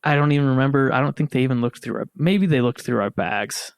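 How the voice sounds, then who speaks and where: A man's voice: medium pitch, quick pace, no echo. American guy telling a story on a podcast, chatty, mic close and dry. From United States. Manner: animated storyteller, laughs and acts out quotes. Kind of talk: casual storytelling among siblings.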